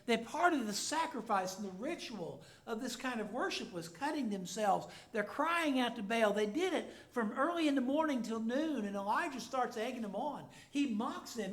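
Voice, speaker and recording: A man, a pastor, preaching a sermon and reading scripture aloud, swinging between loud declaring and hushed asides. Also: extremely high pitch.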